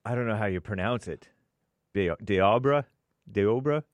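A man co-hosting a radio talk show, chatting in a soft-spoken, hesitant and self-deprecating way. His voice is on the low side and sounds dry and close in the studio. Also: unhurried, no room sound, lo-fi sound. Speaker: radio co-host. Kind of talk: casual studio banter. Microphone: studio mic.

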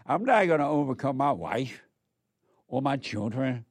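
A proud rich young man, scoffing and dismissive, pitched up above the speaker's own voice, as a male preacher acts him out. He brushes the idea off with loose, slangy disdain in a dry, close sound. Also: lively intonation, slow, no echo.

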